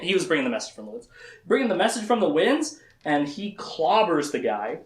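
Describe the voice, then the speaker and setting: A man giving a casual, comedic lecture summarizing books to a small audience, acting out the characters' lines with quick voice shifts. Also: a little high, big pitch swings. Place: room with a small live audience. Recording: echoey room.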